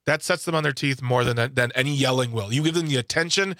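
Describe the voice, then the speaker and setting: A man's voice: mid-range voice, fast talker, bright, forceful tone, no echo, clean studio sound. A man in his forties co-hosting a radio show, making jokes and chatting casually. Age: 40s. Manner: jokey, self-deprecating. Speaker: radio co-host. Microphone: studio microphone.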